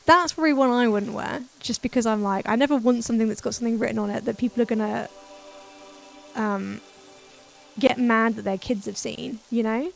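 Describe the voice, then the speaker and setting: A woman's voice: on the high side, a little fast, gravelly, faint music behind. A woman streaming a game, chatting casually, giggling and reading chat aloud, her voice a little worn. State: voice a bit worn.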